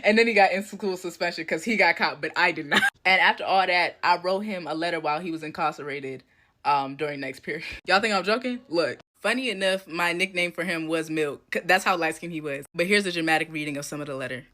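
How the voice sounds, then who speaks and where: A young woman in her late teens telling a comedic story time in animated, joking, slangy speech. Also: lowish voice, brisk.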